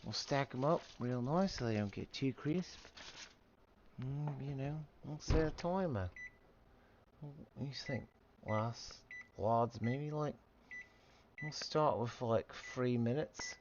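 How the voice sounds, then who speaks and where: A gaming streamer talks to himself while cooking, drawling and swearing in a casual, meandering way. His medium-pitched voice moves slowly with frequent pauses, captured in a dull, noisy home recording.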